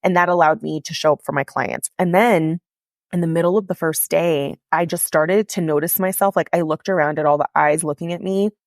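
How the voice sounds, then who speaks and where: A woman's voice: sits low, steady tone, brisk, no room sound, clean studio sound. A woman podcast host telling a personal story in a candid, confessional way, with lots of "like" in her speech. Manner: candid, confessional, heavy use of "like".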